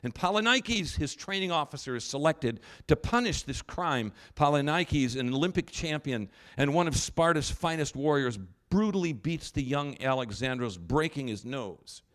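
A man's voice: a little high, lively intonation, moderate pace, hardly any pauses, fairly bright tone. A man preaching a sermon as a pastor, in a conversational, wry way with asides and restarts.

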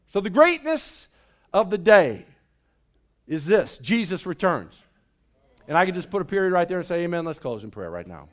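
Pastor, male, higher register, lively sermon delivery with rising calls to the congregation. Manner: animated, calls and responses with the congregation. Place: church sanctuary.

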